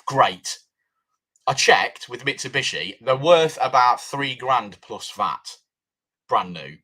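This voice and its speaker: A man's voice: medium pitch, animated, slow, pushed and bright, slightly rough. A middle-aged man, running a tuning shop, telling a story in a casual way and acting out both sides of the conversations.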